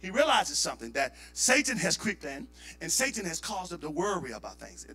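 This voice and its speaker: A man preaching a fervent Pentecostal sermon, rising into shouted, impassioned delivery. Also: high voice, sing-song, brisk, faint music behind. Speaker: pastor. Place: church sanctuary.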